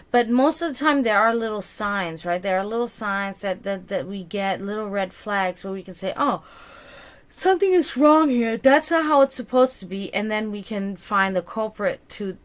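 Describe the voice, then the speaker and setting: During a live-streamed tarot session for a viewer, a woman speaks in a mid-range voice with a fairly bright tone. Her manner is reassuring and weary, punctuated by yawns, frequent fillers, and repeated words.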